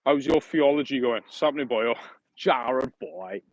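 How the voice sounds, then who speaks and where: A man's voice: medium pitch, normal speed, gravelly, no echo, rough recording. A man hosting a casual livestream outdoors, rambling and correcting himself in a friendly, matey way. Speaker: livestream host.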